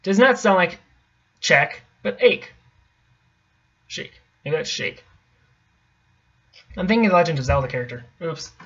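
High-pitched young man, halting read-aloud, self-correcting, dull lo-fi recording. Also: big pitch swings, a bit bright. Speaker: vlogger reading a poem aloud. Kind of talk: casual stumbling read-aloud.

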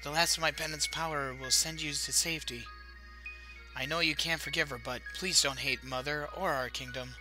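A man doing a gentle pleading princess. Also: fairly even intonation, moderate pace, music in the background, close to an everyday voice. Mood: sorrowful. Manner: pleading, raised-pitch delivery. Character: gentle, sorrowful young princess.

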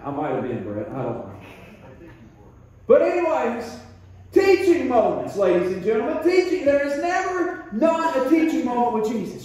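Male pastor, high voice, folksy and emphatic sermon delivery, recorded off mic in a very reverberant church. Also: sing-song, distant mic. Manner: folksy storytelling preacher, drawn-out emphatic points. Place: church sanctuary.

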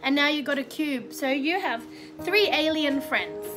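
A woman teaching a recorded class for young children, encouraging and asking them lots of questions, over background music. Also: sits high. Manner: slow, encouraging, asks children many questions. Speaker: kindergarten teacher.

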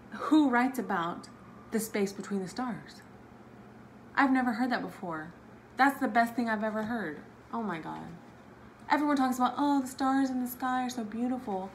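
A tipsy young woman giving a casual book review on her channel, gushing and excitable, with plenty of "like" as filler. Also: medium pitch, slight background noise. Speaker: book vlogger.

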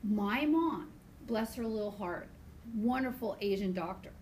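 A woman biology teacher lecturing her class in a chatty, animated way, mixing lessons with personal stories. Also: mid-range voice, measured pace, background noise. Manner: chatty, animated storytelling, talks to students directly. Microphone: iPad screencast recording.

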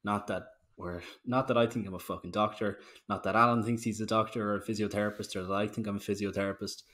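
A man's voice: fairly low pitch, level tone, fast, a bit bright. A man chats on a podcast about coaching at the gym. He tells stories in a loose, ranting way and swears freely. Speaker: podcast co-host, strength coach. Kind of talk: casual podcast chat.

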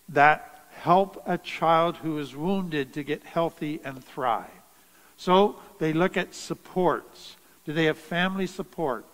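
A man with a fairly high voice teaches at an unhurried pace, earnest and deliberate, leaning on key phrases. His words ring out with a long reverb around him. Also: fairly bright tone. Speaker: trauma educator. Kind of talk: teaching talk.

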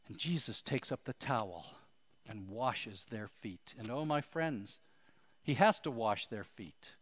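A man's voice: medium pitch, animated, unhurried, in a large hall. A man preaching a sermon as pastor, earnest and pleading, asking his listeners questions.

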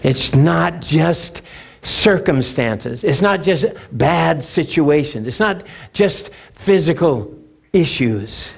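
A male pastor preaching a sermon, telling a story with animated, emphatic repeats. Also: a little high, slow, vocal fry, slightly rough.

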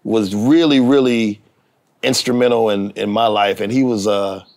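Animated man telling a long story. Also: fairly low pitch, moderate pace. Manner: animated, acts out quoted voices. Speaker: TV writer and actor. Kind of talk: casual storytelling interview.

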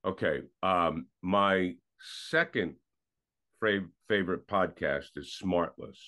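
A man's voice: sits low, slow pace, bright, forceful tone. A man co-hosting a sports podcast in casual, enthusiastic chat that sometimes trails off mid-thought. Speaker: podcast co-host.

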